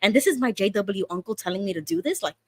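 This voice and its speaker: A woman hosting a casual livestream chat, telling stories in an animated way and acting out quoted speech. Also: mid-range voice, fast, dry recording. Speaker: host.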